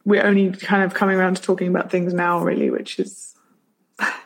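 A young British woman speaking as an interview guest, halting and full of fillers, with a dry sense of humor. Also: on the low side, little pitch movement. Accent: British English. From Britain. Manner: hesitant, many fillers and restarts, dry humor. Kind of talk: casual interview conversation.

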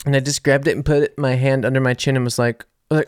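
A young American man from Louisiana, telling a story in a casual, animated way with sarcasm and plenty of fillers and restarts. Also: medium pitch, quick pace, smooth, no echo, clean studio sound. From Louisiana, USA. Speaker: podcast host reading listener comments.

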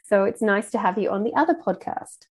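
A woman's voice: medium pitch, expressive, fairly quick, slightly rough. A woman hosting a podcast interview, introducing her guest with enthusiasm. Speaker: podcast host.

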